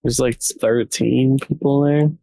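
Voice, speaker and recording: Slow, gravelly-voiced player man. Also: medium pitch, fairly even intonation, dark tone, no echo. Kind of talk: casual tabletop game chat.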